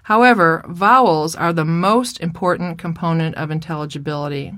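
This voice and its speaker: A woman giving a recorded lecture presentation on speech therapy, speaking in a clear, measured teaching voice. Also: deep voice. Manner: clear, measured teaching voice with playful child and mother impressions.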